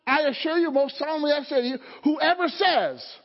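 A pastor delivers a sermon in a church sanctuary, his very high-pitched voice moving at a moderate pace with lively intonation. He leads the congregation in call-and-response and builds to fervent emphasis. The recording sounds dull, with long hall reverb.

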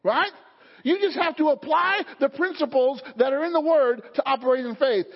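High-voiced man preaching in a reverberant hall. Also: moderate pace. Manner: call-and-response preaching, rising to fervent emphasis. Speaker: pastor. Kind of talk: sermon. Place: church sanctuary. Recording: dull sound, long hall reverb.

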